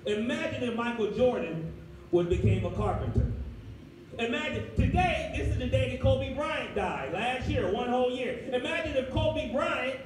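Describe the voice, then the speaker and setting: A man preaching a folksy, animated sermon as pastor. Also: very high voice, normal speed, background noise. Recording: echoey room, far from the mic, music behind.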